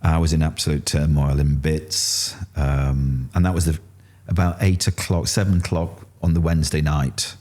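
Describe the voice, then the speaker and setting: A middle-aged man with a Yorkshire accent, telling his story candidly in an interview and acting out what others said. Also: normal speed. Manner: animated, acts out quotes with rising pitch. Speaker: interview guest.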